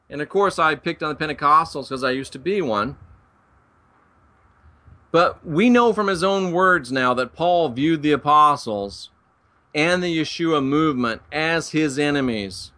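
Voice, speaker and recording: Male Bible teacher, preachy and emphatic, folksy asides, bright, forceful voice. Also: fairly high pitch. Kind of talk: preaching-style lecture to viewers.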